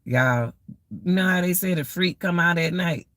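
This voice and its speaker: A woman's voice: on the low side, moderate pace, fairly bright tone, dry recording, clean studio sound. A middle-aged woman hosting a casual live-stream rant, exclaiming and repeating herself as she talks straight to her viewers.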